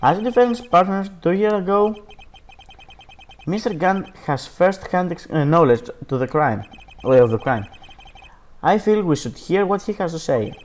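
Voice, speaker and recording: A man's voice: sits high, lively intonation, moderate pace. A man voicing an earnest young defense lawyer from a game, insistent and direct. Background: background game music.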